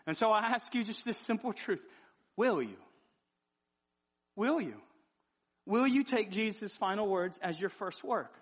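A man in his thirties, a pastor preaching a sermon, pressing the listeners with repeated urgent questions. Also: sits high.

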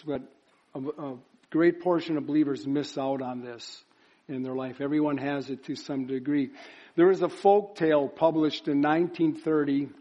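Male preacher with a lifted pitch. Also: a little mellow, muffled recording. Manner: builds to emphatic chanted repetition. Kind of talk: sermon. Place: church service.

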